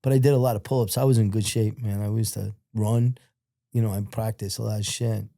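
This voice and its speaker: A man with an American accent telling his life story in a casual interview, blunt and profane, growing animated when he quotes other people. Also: fairly low pitch, fairly quick, vocal fry, no room sound, clean studio sound.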